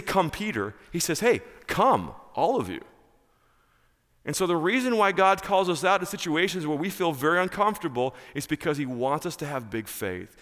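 A male pastor preaching a sermon in church, emphatic and animated, repeating key phrases. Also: a little high, in a large hall.

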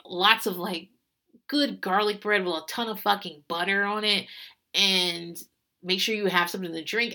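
A woman's voice: mid-range voice, bright, forceful tone. A woman hosting a podcast, recapping a reality show in rambling casual chat, swearing freely and laughing often.

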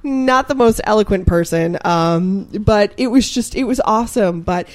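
Young woman, podcast co-host, lively storyteller, dry close sound. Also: medium pitch, normal speed, dry recording. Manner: animated storyteller, builds excitement. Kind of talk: casual chat.

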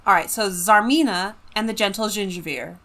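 A woman co-hosting a casual podcast, summarizing a book plot in an animated way and laughing often. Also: medium pitch, moderate pace. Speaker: podcast co-host.

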